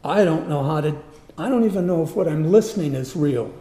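A man telling a personal story in a sermon, in an earnest, animated way. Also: fairly high pitch, a little fast. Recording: roomy echo.

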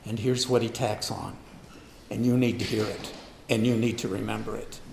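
A man preaching a sermon, repeating lines for emphasis and moving between quiet asides and loud bursts. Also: mid-range voice, moderate pace, vocal fry, long pauses, roomy sound. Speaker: pastor.

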